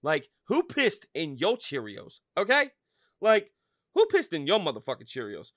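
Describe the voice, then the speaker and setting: A man's voice: fairly high pitch, wildly swooping pitch, normal speed, fairly bright tone, no room sound, studio quality. A man from Pennsylvania hosting a solo podcast, ranting heatedly and swearing constantly. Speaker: podcast host.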